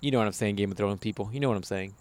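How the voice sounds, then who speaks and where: A man from Arizona co-hosting a podcast, chatting casually, animated and swearing, laughing at his own jokes. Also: lowish voice, rapid-fire, no room sound. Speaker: podcast co-host. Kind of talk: casual chat.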